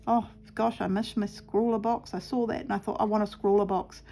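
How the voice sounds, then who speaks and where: A cheerful middle-aged woman talking her way through a sewing project at home, laughing and musing aloud as she works. Her voice has a gravelly, creaky edge, with a faint hum in the background. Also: mid-range voice, steady tone, brisk, few pauses, dark tone. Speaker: craft vlogger. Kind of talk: chatty storytelling while sewing.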